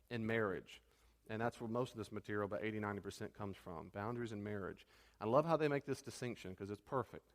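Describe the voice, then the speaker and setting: A pastor teaching a church class in a conversational, animated way. He now and then trips over his words. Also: medium pitch, in a large hall.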